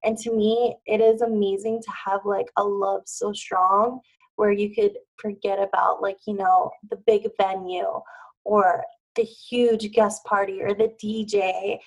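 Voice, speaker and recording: A woman's voice: medium pitch, level tone, a little slow, rough recording. A woman who is a wedding planner, talking casually as a podcast guest and filling her speech with "like.". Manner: chatty, with many "like" fillers. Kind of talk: casual interview chat.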